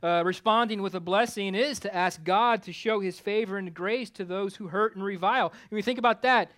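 High-voiced man preaching a lively sermon. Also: a little fast. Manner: conversational preaching with self-deprecating humor; rises in pitch and volume for emphasis, drops low for asides. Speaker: pastor.

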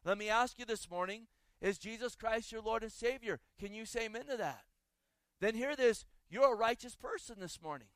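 A man preaches a sermon in a high voice, reading scripture and turning to the congregation with rhetorical questions. The sound is dry and close, with no room echo. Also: normal speed, a bit bright. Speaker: pastor.

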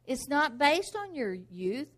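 A woman delivers a sermon in a high voice. She is emphatic and presses her points with rhetorical questions. Her tone is bright and ringing. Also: very animated, slow pace. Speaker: preacher.

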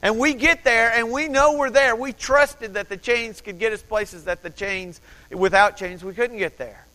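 A man from Texas telling a lively personal story as a sermon, animated and conversational, with asides to the audience. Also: very high voice, moderate pace. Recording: long hall reverb.

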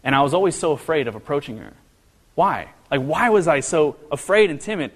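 A man preaching a sermon, earnest and storytelling, his pitch rising when he gets animated. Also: brisk. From American Midwest. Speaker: pastor. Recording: long hall reverb.

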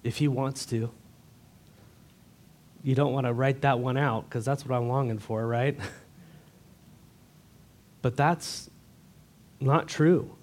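A man's voice: mid-range voice, steady tone, slow, long pauses. A man preaching a sermon to his church, earnest and direct, asking the congregation rhetorical questions. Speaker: pastor.

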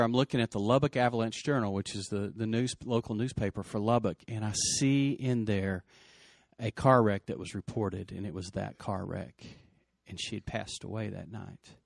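A man's voice: fairly low pitch, creaky, no echo. Middle-aged guy telling a heavy story, lots of restarts, dry close sound. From West Texas. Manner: earnest, emotional retelling with many restarts. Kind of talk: personal storytelling.

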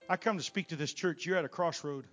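A man preaching a revival sermon as a guest preacher in a church. He swings from loud shouting peaks down to quiet asides. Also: on the high side, fast talker, soft background music. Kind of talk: Pentecostal sermon. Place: church sanctuary.

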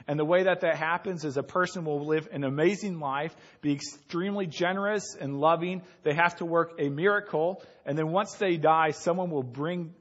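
A man's voice: a little high, a bit bright, lo-fi sound. Man preaching a storytelling sermon. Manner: storytelling, builds to emphatic peaks. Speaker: pastor.

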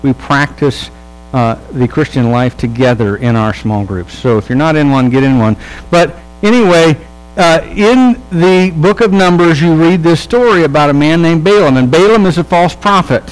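A pastor giving a sermon in a relaxed, humorous storytelling manner, checking in with his listeners and acting out the people in the story. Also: on the high side, normal speed, clear, resonant tone, rough recording. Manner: casual, humorous storytelling with quoted voices; conversational, checks in with the audience.

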